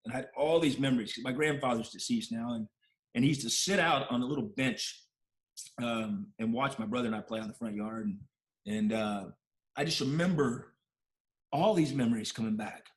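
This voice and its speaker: A man's voice: medium pitch, moderate pace. A man, a guest in an interview, telling a personal story in a heartfelt, emotional way, with many restarts.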